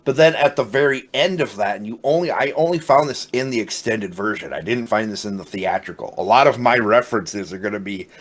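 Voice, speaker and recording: A man's voice: on the low side, brisk, few pauses. Rambling man retelling a movie. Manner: rambling animated retelling with swearing. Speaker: podcast co-host. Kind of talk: casual movie discussion.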